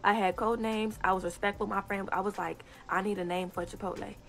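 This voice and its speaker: A young woman telling a casual story time on social media, animated and indignant, often breaking into laughter. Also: medium pitch, a little fast, gravelly, faint music behind. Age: young adult. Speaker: TikTok storyteller.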